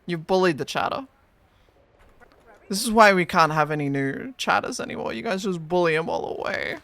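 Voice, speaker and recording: Guy streaming games, bright sharp voice, bouncy pitch, jokey and teasing. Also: expressive, moderate pace, creaky. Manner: playful, teasing, reads chat aloud. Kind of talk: casual stream chat while gaming.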